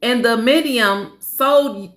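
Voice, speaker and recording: Woman, high voice, slow careful reading, echoey room. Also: fairly bright tone. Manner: slow reading, stumbling over names, casual asides. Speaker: Bible study reader. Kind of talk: reading scripture aloud with commentary.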